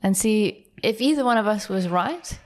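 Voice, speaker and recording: A woman's voice: medium pitch, lively intonation, moderate pace. A young woman co-hosting a casual podcast in an easygoing way. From South Africa. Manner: easygoing, laughs often. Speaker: podcast co-host. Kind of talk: casual chat.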